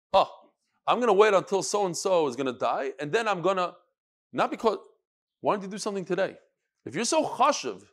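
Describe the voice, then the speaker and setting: Animated man teaching a Talmud class. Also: on the high side. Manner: animated, sing-song study cadence mixing Hebrew and Yiddish terms.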